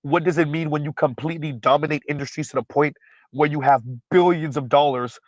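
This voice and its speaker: A man's voice: a little high, steady tone, a little fast, dry recording, rough recording. A man hosting a livestream, speaking bluntly and emphatically, repeating his points, and stumbling over fillers while he recalls names. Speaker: livestream host. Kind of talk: casual livestream commentary.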